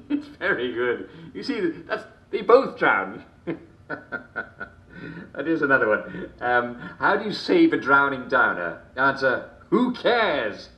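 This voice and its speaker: An actor playing a jovial, sinister English comedy show host in a video game, theatrical and chuckling constantly between jokes. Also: male voice, medium pitch, sing-song, slow pace, bright, forceful tone, exaggerated voice. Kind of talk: scripted video game character performance. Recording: roomy echo.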